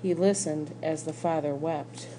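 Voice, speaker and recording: A woman reading a children's novel aloud, slow and gentle. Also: sits low, fairly even intonation, background noise. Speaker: school staff reader.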